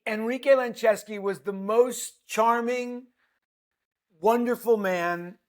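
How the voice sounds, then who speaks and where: A middle-aged man, an actor guest, telling a lively, playful anecdote on a podcast. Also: sits high. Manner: lively storyteller, playful, self-deprecating.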